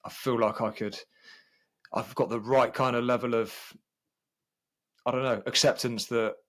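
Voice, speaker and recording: A man's voice: mid-range voice, fairly even intonation, moderate pace. A man, a podcast host chatting openly about his own experience. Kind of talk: casual conversation.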